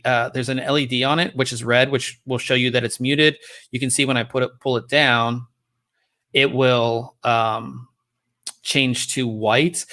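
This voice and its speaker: A man hosting a laid-back tech podcast, chatting loosely with lots of ums and false starts. He is recorded close on a good studio microphone. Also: medium pitch. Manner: relaxed and rambling, many ums and restarts. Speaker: podcast host. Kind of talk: casual tech podcast chat.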